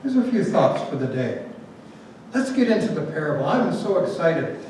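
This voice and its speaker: A man's voice: a little high, normal speed. A man preaching to a gathered audience, telling a fable with playful asides before drawing out its lessons. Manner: lively storyteller, adds asides and jokes. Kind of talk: storytelling sermon. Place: large room with a gathered audience. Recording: very echoey, distant, faint noise.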